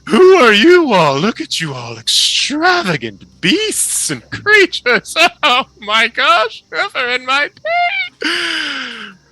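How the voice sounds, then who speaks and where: A flamboyant halfling impresario, high and gushing, very animated. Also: male voice, takes it slowly, heavily acted, poor audio. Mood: theatrical. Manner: gushing, theatrical, shrill exclamations. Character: flamboyant excitable male halfling theater owner.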